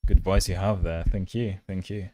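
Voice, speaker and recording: A man's voice: deep voice, fairly even intonation, moderate pace, mellow. A man hosting a coding livestream, chatting casually and reading chat while his build runs, at times holding the mic close in a mock ASMR voice. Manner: chatty and self-mocking, reads chat aloud. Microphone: handheld mic held close.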